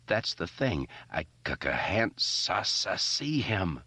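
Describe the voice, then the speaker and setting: A man's voice: deep voice, very animated, takes it slowly, bright, forceful tone, husky, no echo, heavily acted. A man reading the part of an exhausted young man who stammers when strained. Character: weary young man calling out, stuttering.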